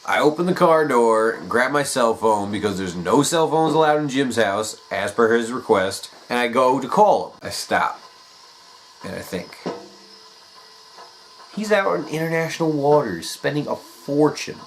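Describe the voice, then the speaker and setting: A man telling a comedic personal story in an animated way, swearing freely. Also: medium pitch, moderate pace, a little hiss or hum, rough recording.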